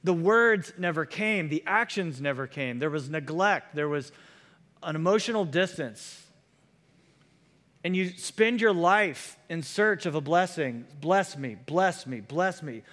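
A man's voice: a little high, expressive, a little slow, a bit bright. Earnest male pastor preaching in a reverberant hall. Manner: earnest, repeats key lines for emphasis. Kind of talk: sermon.

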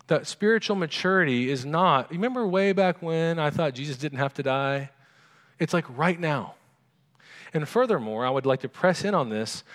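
A man's voice: medium pitch, fairly bright tone. Man preaching a sermon in a reverberant hall. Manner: conversational, asks the congregation questions. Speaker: pastor.

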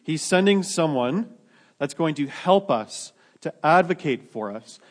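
A man's voice: fairly high pitch, lively intonation, unhurried. Man preaching a casual sermon. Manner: conversational, many restarts, self-deprecating asides. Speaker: pastor.

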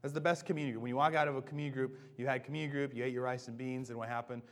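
A man's voice: medium pitch, fairly even intonation, very fast. Man preaching a casual, chatty sermon. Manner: casual, self-deprecating, often asks "right?". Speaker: pastor. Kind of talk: conversational sermon.

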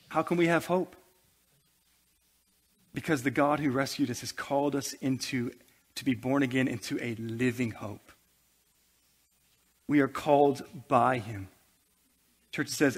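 A male pastor preaching a sermon to his church, building intensity with humorous asides. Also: on the high side.

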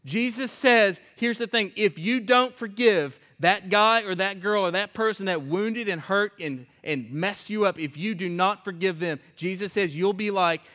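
A man preaching a sermon in a church, reading scripture aloud and acting out its lines, swinging from loud emphasis to hushed whispers. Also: high voice, normal speed, few pauses. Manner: reads scripture aloud and acts out the characters' lines. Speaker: pastor.

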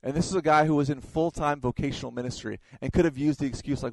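A man's voice: a little high, quick pace, gravelly, low-quality recording. A man preaching a sermon, telling stories and often repeating his words as he goes. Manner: storytelling, stumbles and repeats words. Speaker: pastor.

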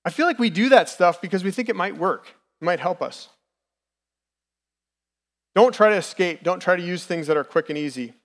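A man's voice: high-pitched, lively intonation, normal speed, pauses often, fairly bright tone. Candid man preaching in a reverberant hall. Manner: candid, personal, conversational preaching. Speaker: lay preacher. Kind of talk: sermon.

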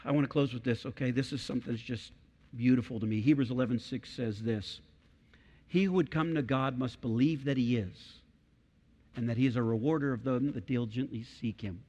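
A man's voice: medium pitch, brisk, dark tone. A middle-aged man preaching a sermon as pastor, emphatic and repeating key phrases for weight. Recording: long hall reverb.

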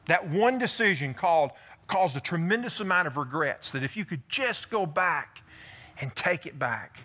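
A male pastor delivering a sermon in a high, bright voice. He tells stories with animated delivery, acting out the dialogue and the people he describes. The tone is lively and conversational from the pulpit. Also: normal speed. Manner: storytelling, animated, acts out dialogue with his voice. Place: church sanctuary.

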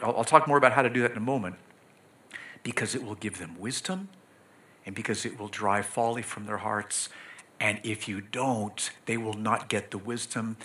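A middle-aged man preaching a sermon as pastor, earnest and pleading, with sudden emphatic loud bursts. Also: mid-range voice.

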